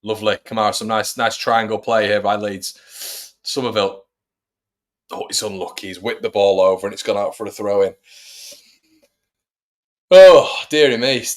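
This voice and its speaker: A fan channel host runs a football watch-along, chatting through live commentary and addressing viewers as "everybody". He speaks fairly quickly in a fairly low voice with little pitch movement.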